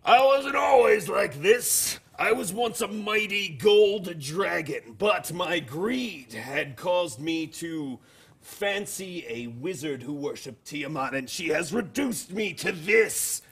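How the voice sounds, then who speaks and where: A man's voice: sits high, animated, slow pace, creaky, fairly bright tone, breathy edge, pitched above the performer's own voice, exaggerated voice. A man voicing a drunk kobold paladin who claims he was once a mighty dragon, melodramatic and indignant. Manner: melodramatic, self-pitying and indignant.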